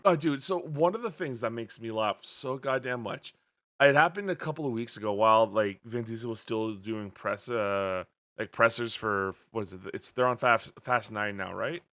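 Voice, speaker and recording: A young man hosts a casual podcast, telling stories with lots of energy and frequent profanity. His voice sits at an ordinary middle pitch. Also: normal speed. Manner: animated storytelling with swearing and laughs. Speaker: podcast host.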